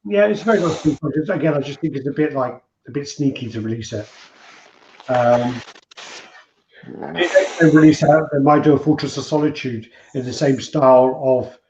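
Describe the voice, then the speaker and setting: A man's voice: mid-range voice, moderate pace, darkish tone, slight background noise. A man co-hosting a casual livestream chat about collectibles. He rambles, swears and tells jokes. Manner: rambling, swearing, joke-telling. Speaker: co-host. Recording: muffled, roomy stream audio.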